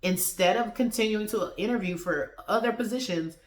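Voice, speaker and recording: A woman's voice: medium pitch, normal speed. Chatty woman reviewing TV in a roomy space. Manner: animated, slangy, acts out the characters' lines. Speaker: TV episode reviewer. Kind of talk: casual review vlog.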